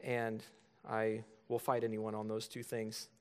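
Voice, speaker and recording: A man's voice: on the low side, completely flat delivery, unhurried, a little mellow, clean tone. A man in his thirties preaching a sermon as pastor, earnest and building to emphatic points.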